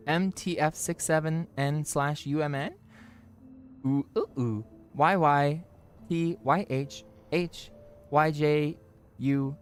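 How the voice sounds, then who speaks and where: Joking around with friends and viewers on a livestream, this streamer swears freely and pokes fun at themselves, their voice leaping up in pitch whenever they greet someone.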